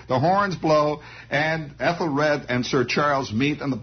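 A man's voice: fairly high pitch, moderate pace, hardly any pauses, slightly rough. A man telling a rambling comic monologue in a wry storytelling manner, throwing in sound effects. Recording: dull lo-fi recording.

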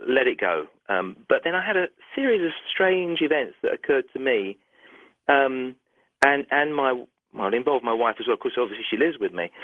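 A middle-aged doctor tells his story down a phone line. His pitch swings widely as he talks, and his sentences often stall and restart. The line is narrow and tinny, with a dry, close sound. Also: dry recording. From United Kingdom. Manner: animated storyteller, frequent restarts. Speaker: doctor, interview guest. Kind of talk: phone interview.

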